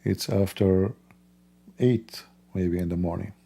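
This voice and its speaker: A man talks at an unhurried pace in a dark, gravelly voice. His English is simple and non-native, and he teases and chuckles throughout, like a casual host chatting to his viewers. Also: sits low, steady tone. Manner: slow, laughing, teasing, simple non-native English grammar. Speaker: livestream host. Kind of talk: casual mocking commentary.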